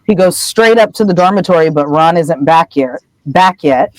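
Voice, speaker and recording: A woman co-hosting a podcast, casually recapping a story in an animated way and slipping into voices. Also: lowish voice, moderate pace, no room sound, poor audio. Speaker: podcast co-host.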